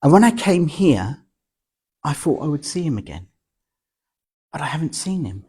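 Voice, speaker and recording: A husky man playing a mournful old carpenter who sighs over a lost child. The voice sits higher than the teller's own and drawls slowly. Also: big pitch swings, a little mellow. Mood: wistful. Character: sad old male carpenter in heaven.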